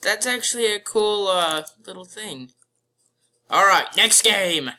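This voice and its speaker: A gamer narrates a match in real time with playful commentary, exclaiming at the action on screen. The voice has a sharp, very bright edge. The delivery is slow and drawn out. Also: medium pitch, lively intonation. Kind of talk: live gameplay commentary.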